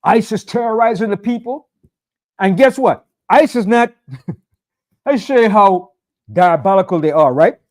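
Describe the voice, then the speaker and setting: Man, high voice, preacher, fiery and conversational, repeats his points for emphasis. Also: darkish tone. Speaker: pastor. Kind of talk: sermon.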